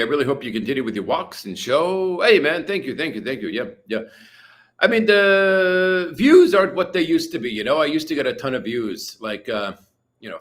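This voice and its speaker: A fairly high-pitched, slightly bright male voice belongs to a Canadian livestream host from British Columbia. Sitting in a hot room at home with a fan, he reads viewer comments and rambles casually with plenty of "uh" and "you know."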